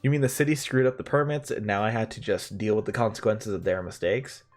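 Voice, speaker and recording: A man's voice: fairly low pitch, steady tone, fast, soft background music, lightly acted. A man voicing an irritable young male food-truck owner who talks brashly and defensively, while reading a visual novel aloud. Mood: indignant.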